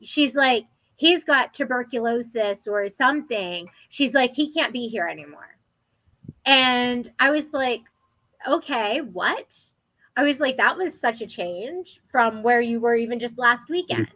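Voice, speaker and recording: A young woman telling her own story in a casual, animated way, acting out what people said. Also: fairly high pitch, measured pace, no echo, rough recording. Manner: animated, quotes people in raised voices.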